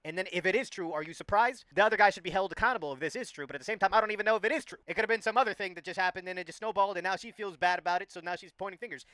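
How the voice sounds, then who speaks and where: Fast-talking, bright-voiced male commentator. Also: sits high, clean tone, no echo. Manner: argumentative, fast, emphatic and rambling. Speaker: commentary streamer reacting to clips. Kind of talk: opinionated reaction commentary.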